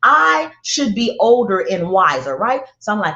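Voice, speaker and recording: A woman's voice: mid-range voice, big pitch swings, unhurried, sharp tone, slight background noise. A woman telling a parenting story to an audience in a candid, profane way, repeating lines for emphasis. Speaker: parenting speaker. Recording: echoey, dull lo-fi sound.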